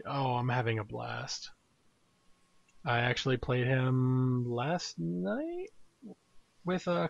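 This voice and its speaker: A man's voice: medium pitch, creaky, darkish tone, no room sound, lo-fi sound. A man hosting a casual live gaming podcast, rambling in a laid-back way with small chuckles. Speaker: podcast host.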